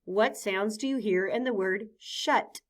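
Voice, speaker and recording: Woman teacher, phonics lesson for small children, very slow deliberate delivery, patient, sounds spelled out one by one. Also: medium pitch.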